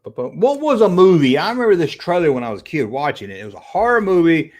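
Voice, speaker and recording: A middle-aged man, a fast talker with a slightly high voice, hosts a casual livestream. He chats with viewers in a rambling, profane, animated way, hopping between tangents.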